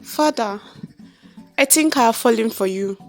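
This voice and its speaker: A woman's voice: a little high, measured pace, a little mellow, faint music behind. Mary, a purring temptress, voiced by a woman. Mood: sultry. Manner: sultry, purring.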